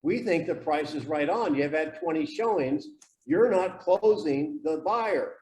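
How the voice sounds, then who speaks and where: A man runs a sales training session in an echoey room, heard from across the space. His voice sits a little high, and he presses people with blunt, pushy questions. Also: animated, measured pace, darkish tone, recorded from a distance, slight background noise. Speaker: real estate sales coach. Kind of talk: live training seminar, running role-plays.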